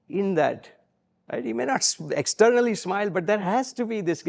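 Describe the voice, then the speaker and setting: Man, gravelly and fairly high, animated storyteller giving a talk. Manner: animated, acts out quotes, frequent fillers. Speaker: guest speaker. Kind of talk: storytelling talk to a live audience.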